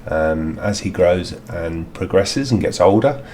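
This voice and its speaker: A man's voice: low-pitched, expressive, unhurried, a little mellow, slight background noise. A man outdoors in a garden, talking through a DIY product review in a rambling, hesitant way with many fillers.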